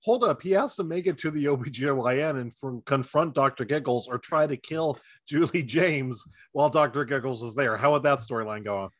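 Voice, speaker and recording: A man's voice: medium pitch, a little fast, hardly any pauses, no echo. A man co-hosting a podcast in casual comedic chat, laughing often and steering the conversation with questions. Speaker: podcast co-host.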